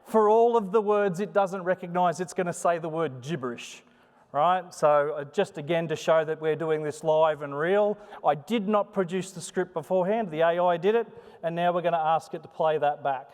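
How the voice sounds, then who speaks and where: A man with a smooth voice on the high side presents at normal speed in a conference hall, giving a live talk with a demo. His sing-song delivery is chatty, joking and animated, and the hall adds long reverb.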